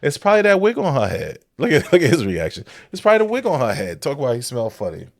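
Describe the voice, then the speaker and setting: A man's voice: mid-range voice, wildly swooping pitch, quick pace, creaky, dry recording, studio quality. A man giving blunt, incredulous commentary while reacting to a clip, his voice jumping up in disbelief. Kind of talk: casual commentary.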